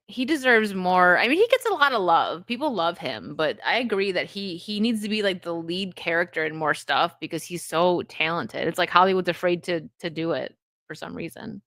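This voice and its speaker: A woman's voice: on the low side, big pitch swings, moderate pace, a bit bright, no echo, clean studio sound. A woman hosting a casual solo video chat, rambling and chatty with frequent laughs. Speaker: host.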